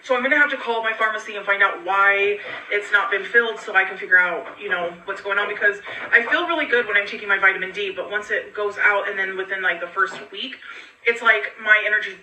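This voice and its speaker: A tired woman talking in a casual home vlog, rambling and halting with many ums. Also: mid-range voice, bright, forceful tone, reverberant, distant mic, rough recording. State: tired, low on energy. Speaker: vlogger in a clip being reacted to.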